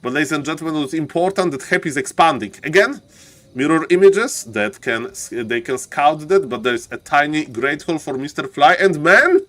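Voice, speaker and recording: High-voiced guy casting a game live, excitable, jokey, shouts at players to produce. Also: brisk. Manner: excitable, keeps saying ladies and gentlemen, joking. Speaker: esports caster.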